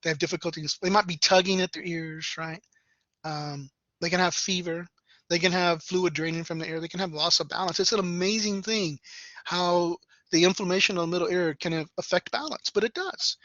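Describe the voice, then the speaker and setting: A man lecturing a class in a loose, conversational way, peppering his points with "right?". His voice is bright, and the recording is dry and a little dull. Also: sits high, fairly even intonation, a little fast, no echo. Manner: conversational, tags sentences with "right?".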